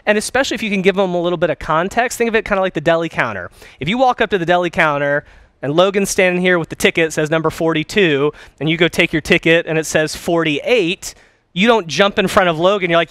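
A young man teaching a course on phone skills, talking in an energetic, conversational way and acting out sample calls. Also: on the high side, a little fast, clean tone, dry recording. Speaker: dental practice consultant.

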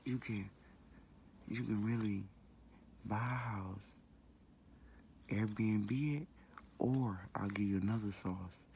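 Gravelly deep-voiced man, slangy vlog talk. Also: takes it slowly, long pauses, darkish tone, slight background noise. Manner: loose, repetitive, slangy and cussing. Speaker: vlogger. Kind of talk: casual talk to camera.

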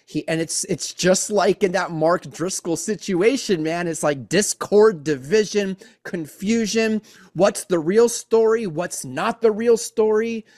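A man's voice: high voice, measured pace, darkish tone. A man hosting a podcast in casual chat, earnest and often repeating himself, saying "man" a lot. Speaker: podcast host.

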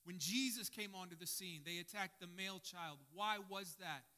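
A male pastor preaching an impassioned sermon, dropping to a hush and rising to shouts. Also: high-pitched, moderate pace. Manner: impassioned, swinging from hushed to shouting.

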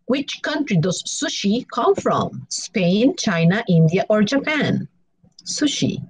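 A woman's voice: mid-range voice, low-quality recording. A woman teaching an English class online, quizzing students with spoken multiple-choice questions. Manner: slow, clear, lively questions with options.

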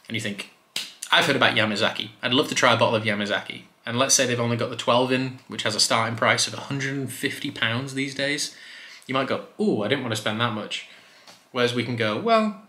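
Chatty male whisky vlogger, bright and roomy. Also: medium pitch. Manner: chatty, relaxed, loose with fillers. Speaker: whisky reviewer and retailer. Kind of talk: casual review vlog. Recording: roomy echo.

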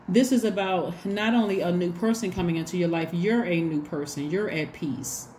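A woman's voice: on the low side, a little mellow, a little hiss or hum. A woman giving a casual tarot reading to her viewers, chatty and repetitive, often acting out little bits of dialogue. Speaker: tarot reader.

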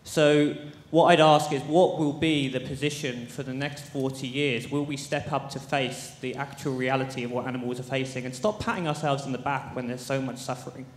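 A man's voice: mid-range voice, fairly even intonation, fairly quick, few pauses. A man in his thirties asking an impassioned question from the floor of an event, his voice shaky and his phrases tumbling out urgently. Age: 30s. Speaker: audience member asking a question. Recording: echoey hall.

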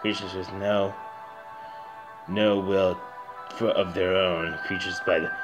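A man voicing a stern older-brother prince in a video game, low and measured. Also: little pitch movement, over music, low-quality recording. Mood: solemn. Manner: low, measured, solemn storytelling.

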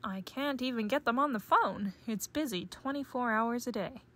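A woman voicing a busy male shopkeeper in a children's read-aloud, brisk and curt. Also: fairly high pitch, fairly bright tone.

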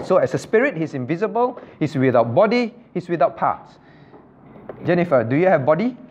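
A male pastor teaches a Bible class, his voice sitting a little high. He repeats his points and keeps asking the room questions. The recording is dull and low-fidelity, with a faint hiss underneath. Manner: repetitive, asks the class questions, loose non-native grammar. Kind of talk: interactive Bible study lecture.

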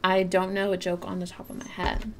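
A woman streamer plays a game from her bedroom and chats with her viewers, giggling helplessly over and over. Her low-ish voice is monotone and a little fast, with slight background noise behind it.

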